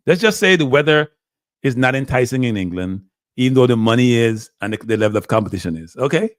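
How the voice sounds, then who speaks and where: A man hosting a casual football talk show, asking animated rhetorical questions and talking with Jamaican-tinged phrasing. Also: medium pitch, fairly quick, dry recording, clean studio sound. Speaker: show host.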